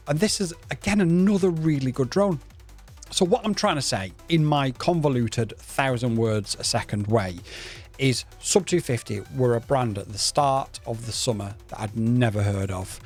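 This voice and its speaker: A man reviewing drones in a rambling, enthusiastic casual way, often restarting and stuttering. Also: mid-range voice.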